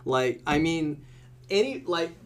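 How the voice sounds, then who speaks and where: A man's voice: fairly high pitch, animated, slow pace, fairly bright tone. A man from the United States, a comedian chatting as a podcast guest, joking, rambling and swearing freely. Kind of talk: casual podcast chat.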